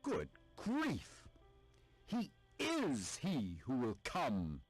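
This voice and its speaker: An actor playing an excitable, theatrical old male sage who speaks in dramatic exclamations. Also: mid-range voice, husky, dry recording, faint music behind, heavily acted. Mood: astonished. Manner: dramatic exclamations, slow drawn-out delivery.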